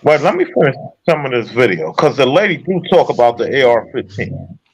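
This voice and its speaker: A man's voice: mid-range voice, big pitch swings, fairly quick, husky, lo-fi sound. A man giving heated, profane casual commentary while reacting to a video, repeatedly incredulous. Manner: heated, incredulous, swears a lot.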